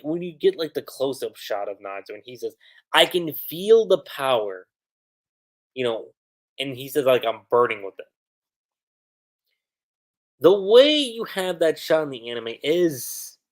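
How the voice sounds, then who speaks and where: Young dude rambling through an anime recap on stream, voice bouncing all over. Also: male voice, a little high. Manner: animated recap with many fillers. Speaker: anime reviewer. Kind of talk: casual livestream commentary.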